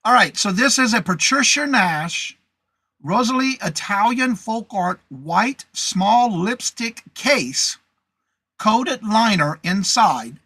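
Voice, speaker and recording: On a live reseller show, a man with a high, bright, sharp voice chats casually, reading viewer comments and greeting people by name. The audio is close and dry, without room echo.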